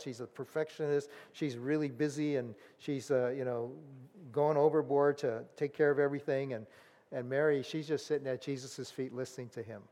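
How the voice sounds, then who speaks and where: Conversational male pastor in echoing hall. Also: fairly high pitch. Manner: conversational, animated, acts out voices. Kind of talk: sermon.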